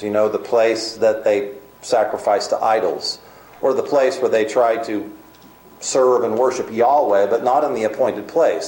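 A man delivering a sermon, earnest and emphatic, slowing down for key points and speeding up in others. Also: on the low side, a little mellow, echoey room, rough recording. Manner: earnest, emphatic preaching with varied pace. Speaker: preacher.

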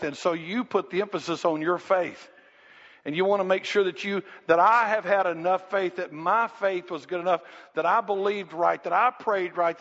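A high-pitched man preaches with animated emphasis, acting out voices and rising to shouts. His voice carries a long reverb through a hall. The recording sounds dull and lo-fi. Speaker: pastor. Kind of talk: sermon. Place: church.

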